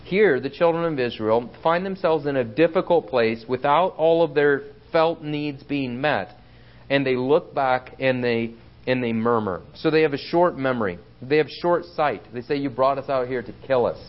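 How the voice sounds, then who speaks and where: A man gives an expository sermon at a middle pitch. He speaks earnestly and keeps checking whether the room is with him. The recording sounds muffled and lo-fi. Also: normal speed. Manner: earnest, asks the room for agreement with frequent "right?". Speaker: Bible teacher.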